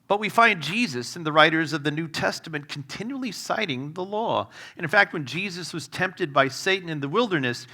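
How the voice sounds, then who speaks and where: Bright-voiced man preaching with humor. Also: fairly high pitch. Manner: humorous storytelling, self-deprecating asides; conversational with fillers, varied loudness. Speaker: guest preacher. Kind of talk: sermon.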